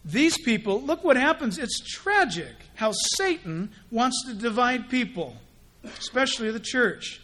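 A male pastor preaching with a high, light voice. He moves between plain teaching and playful impressions of gossipers and showy prayers, always driving his point home. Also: a little slow. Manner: animated, mimics gossips and pray-ers in quoted voices. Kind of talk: sermon.

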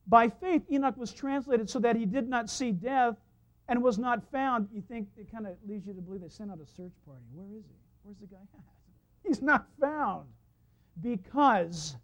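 Recorded in a church, a very high-pitched pastor preaches a lively sermon full of stories, laughing at his own anecdotes. The sound is dull and lo-fi.

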